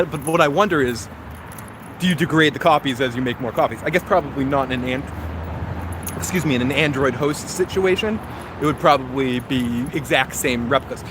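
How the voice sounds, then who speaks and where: A man hosting a casual live-stream review while walking outdoors, rambling and correcting himself as he talks. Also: medium pitch. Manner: rambling, self-correcting, chatty. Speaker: host. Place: outdoors in a park. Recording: outdoor traffic noise.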